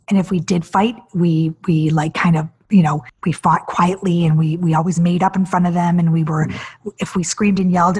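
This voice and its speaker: A woman in her forties hosting a podcast, telling her own story in an animated, emotional way. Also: slightly rough. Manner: animated, acts out quoted voices with big pitch jumps; emotional, near tears. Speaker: podcast host. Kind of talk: personal storytelling monologue.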